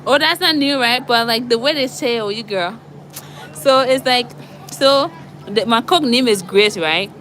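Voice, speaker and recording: A woman's voice: a little high, normal speed, a bit bright, slight background noise. A young woman giving a casual, chatty walkthrough of an apartment indoors. She laughs often and tells her stories with animation, filming on a handheld phone. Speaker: vlogger. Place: indoors, walking through an apartment.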